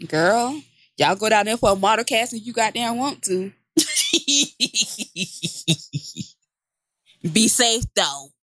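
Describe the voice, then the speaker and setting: A woman's voice: on the high side, animated, very slow, long pauses, dry recording. Laughing woman gossiping on a podcast. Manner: loud, laughs often, breaks into impressions. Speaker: podcast co-host. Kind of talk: casual comedic gossip chat.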